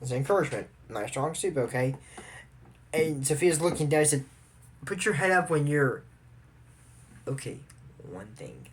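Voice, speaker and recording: A woman with a somewhat low voice talks through a cartoon episode in loose, casual commentary. She rambles and restarts her sentences, passing judgment on what the characters do. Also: animated, moderate pace, long pauses, a little hiss or hum.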